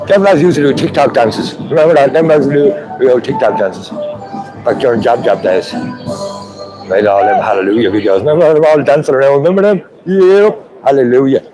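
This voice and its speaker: A man's voice: mid-range voice, low-quality recording. A man with an Irish accent hosting a live stream from a street protest, chatting with viewers. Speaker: livestream host. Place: outdoor street protest with trucks. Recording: crowd noise behind. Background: crowd and vehicle noise.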